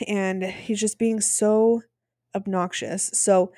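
A woman co-hosting a podcast, retelling a TV episode in casual chat with lively acted-out quotes. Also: mid-range voice, takes it slowly, no echo, clean studio sound. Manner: chatty, animated retelling with acted quotes and laughs. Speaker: podcast co-host.

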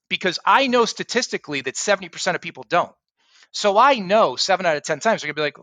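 A middle-aged man, a sales and recruiting coach, chatting as a podcast guest and acting out his phone pitches in animated stories. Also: fast talker, no room sound, low-quality recording. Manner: animated storyteller who acts out phone pitches. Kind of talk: casual podcast interview.

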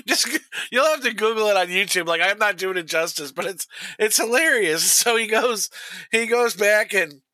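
A middle-aged podcast co-host with a high, pushed, bright voice chats casually, telling a long story full of restarts and laughing at his own tale. The recording is rough, though there's no room sound.

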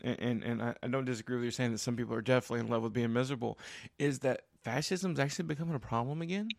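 A man's voice: medium pitch, very fast, creaky, no room sound. A man with a mid-range voice tells stories in a casual chat, often repeating words as he restarts, then picking up speed. The sound is dry and close. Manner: stammering restarts, animated when telling stories. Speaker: podcast co-host and parent.

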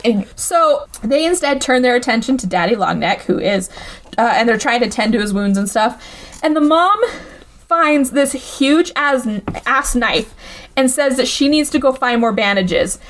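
A woman hosting a podcast, recapping a movie in a casual, comedic way. She is animated and swears freely. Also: on the high side, normal speed, slight background noise. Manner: animated and profane, acts out quotes.

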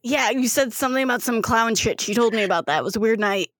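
A woman as a brash friend who swears freely: fairly high voice, dry and close. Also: fast, a bit bright, no room sound. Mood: blunt. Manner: blunt and crude, swears freely. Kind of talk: in-character tabletop role-play.

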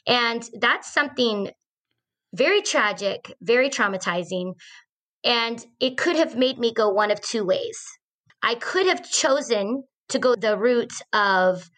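A woman's voice: on the high side, animated, a little slow, fairly bright tone. A woman in her forties, a podcast host, earnestly telling a personal story in a conversational way, with fillers and restarts.

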